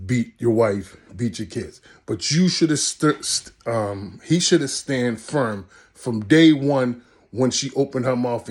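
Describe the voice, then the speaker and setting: A man hosting a storytelling vlog, animated and laughing as he tells a story and talks to his viewers. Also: medium pitch, breathy edge. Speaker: podcast host.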